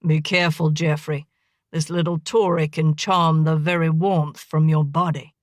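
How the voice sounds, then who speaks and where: A woman's voice: sits low, little pitch movement, moderate pace, dry recording, voice pushed down, close to an everyday voice. A woman reading the lines of a bold sea captain who speaks of his wife in a dry, amused way. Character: bold sea captain husband, wry and fond.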